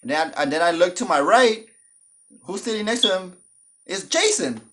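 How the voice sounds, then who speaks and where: Animated man telling a storytime. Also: high-pitched, normal speed. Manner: animated, jokey, acts out the voices of other people. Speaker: storytime vlogger. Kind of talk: casual storytelling.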